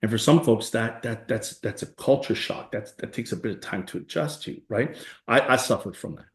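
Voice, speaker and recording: A man's voice: medium pitch, normal speed. Emphatic man telling stories in a roomy space. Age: 40s. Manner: emphatic, animated storyteller acting out quoted voices. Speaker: guest. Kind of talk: conversational storytelling interview.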